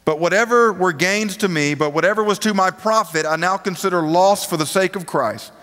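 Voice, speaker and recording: High-voiced preacher in a reverberant hall. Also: male voice, brisk, fairly bright tone. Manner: casual, rhetorical questions to the audience. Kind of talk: conversational sermon. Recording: long reverb of a large hall.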